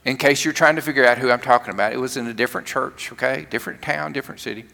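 A man's voice: mid-range voice, very fast, gravelly, bright, forceful tone. A male pastor delivering a conversational sermon with humor, often restarting his sentences as he tells a story. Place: church sanctuary. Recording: long reverb of a large church.

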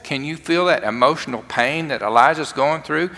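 A man preaching a sermon in a dramatic way, swinging from loud, fervent lines to hushed ones. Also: a little high, moderate pace. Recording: long hall reverb.

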